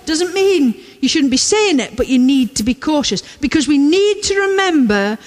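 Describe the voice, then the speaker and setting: A woman preaching a sermon in a measured way, repeating key lines for emphasis, recorded in a church. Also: high voice, sing-song, a little mellow, long reverb tail.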